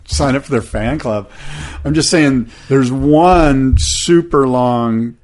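A relaxed man, chatting as a podcast co-host. He drifts loosely through his stories, leaning on "like" and trailing off mid-sentence, with an easygoing surfer drawl. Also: mid-range voice, slow. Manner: laid-back, rambling storyteller with many "like" fillers. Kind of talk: casual surf chat.

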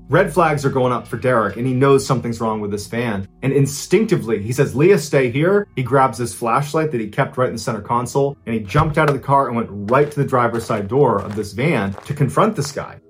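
A man in his thirties, the host, narrating a true story with energy and briefly acting out the people in it. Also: medium pitch. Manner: animated, acts out quoted lines in his own voice.

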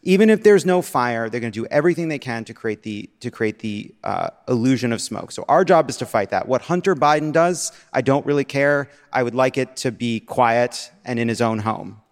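A man co-hosting a political podcast live on stage, swearing freely with a sardonic, animated delivery. His voice sits at a middling pitch. The venue adds a long reverb tail. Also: moderate pace, hardly any pauses. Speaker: podcast co-host. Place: live stage before an audience.

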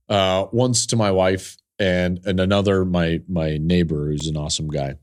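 A middle-aged college football analyst hosts a football podcast, telling an emotional story earnestly as its intensity builds. His low voice holds a steady tone at a normal speed, with few pauses.

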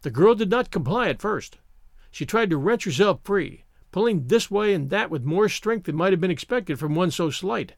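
A man narrates a story in an expressive, measured way. His voice is high and moves a lot in pitch. The recording is dry and close to the mic. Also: creaky, no room sound. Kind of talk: audiobook narration.

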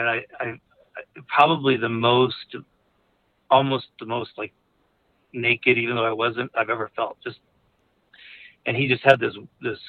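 Gravelly-voiced man calling in by phone. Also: medium pitch. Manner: candid, rambling, chuckles between phrases. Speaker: caller. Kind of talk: frank personal storytelling. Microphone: phone call. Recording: tinny phone line.

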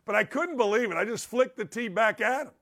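A middle-aged man hosting a sports talk show, telling rambling, excitable stories and laughing at them. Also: high-pitched, a little fast. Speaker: sports radio host. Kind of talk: animated storytelling monologue.

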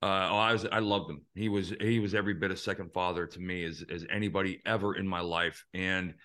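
A man in his fifties hosting a podcast, telling earnest, animated stories in a casual chat and swearing now and then. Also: deep voice, quick pace. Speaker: podcast host.

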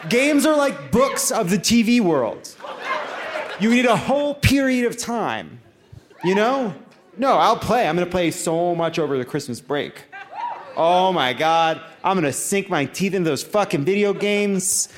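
A man of forty-one hosting a podcast live on stage, excitable and swearing, now and then bursting into shouts. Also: high voice, unhurried. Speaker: podcast host. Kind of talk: live podcast banter with audience. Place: live stage show in a theater. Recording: live venue recording with audience noise.

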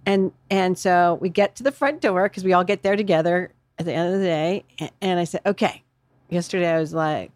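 A woman's voice: on the low side, steady tone, fairly quick, no echo. A middle-aged woman, a guest in a casual chat, chatty and agreeable. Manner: chatty, agreeable, laughs often. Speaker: podcast guest.

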